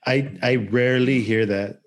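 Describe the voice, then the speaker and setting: Chicago dude on a podcast, laid back, tells stories, swears sometimes. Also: male voice, medium pitch, fairly even intonation, normal speed. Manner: loose, storytelling, casual swearing. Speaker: podcast co-host. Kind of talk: casual chat.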